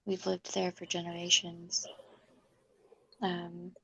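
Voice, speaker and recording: A woman player in a tabletop role-playing game, speaking earnestly and softly in character. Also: lowish voice, monotone, slow, vocal fry, breathy edge.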